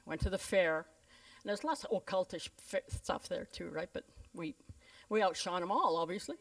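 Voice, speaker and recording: In this storytelling sermon, a Canadian woman pastor speaks at an ordinary pace in a lowish register. She narrates with liveliness, slipping into the voices of the people in her tales. Her voice comes across as slightly distant from the mic.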